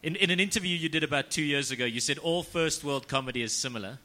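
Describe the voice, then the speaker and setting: Man hosting a podcast, fast talker, very sharp bright voice, joking questions. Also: a little high. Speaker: podcast host. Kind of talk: interviewing.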